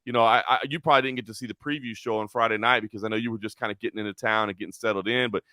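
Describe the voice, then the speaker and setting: A man co-hosting a casual sports talk show, animated and often repeating words as he gathers his thoughts. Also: on the low side, racing, dry recording, clean studio sound. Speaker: co-host, sports commentator.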